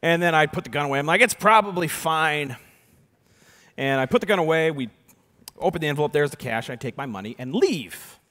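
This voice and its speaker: A man, an animated storyteller giving a keynote talk, swinging from hushed to loud as he acts out the voices. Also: on the high side, fast. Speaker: keynote speaker and magician. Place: large conference hall. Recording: reverberant conference hall.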